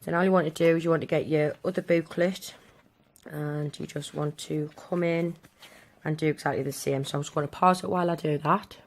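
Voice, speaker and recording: A woman's voice: low-pitched, fairly even intonation, a little fast, a little hiss or hum. A woman hosting a casual crafting tutorial, chatting step by step while she works with her hands.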